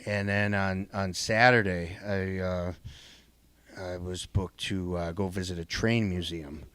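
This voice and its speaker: Deadpan man, dry rambling delivery. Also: deep voice, no echo. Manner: deadpan, rambling, halting with many fillers. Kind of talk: casual podcast chat.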